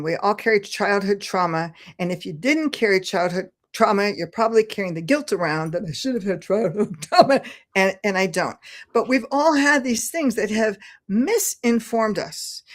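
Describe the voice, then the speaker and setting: A woman speaking as a podcast guest, talking in an earnest, flowing, encouraging way about spiritual growth. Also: mid-range voice. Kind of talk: podcast conversation.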